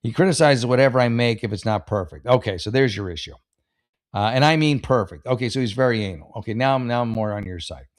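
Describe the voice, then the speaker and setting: A man with a medium-pitched, animated voice reads advice posts and reacts to them quickly in casual comedic commentary. He is rambling and sarcastic, swears freely and restarts his sentences, recorded at studio quality with no echo.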